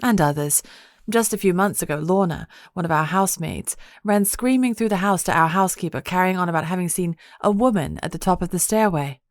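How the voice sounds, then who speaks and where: Woman playing a genteel countess, formal and refined, lowish dry voice. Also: brisk, dry recording, natural voice. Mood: gracious. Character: Victoria, gracious proper countess, adult woman.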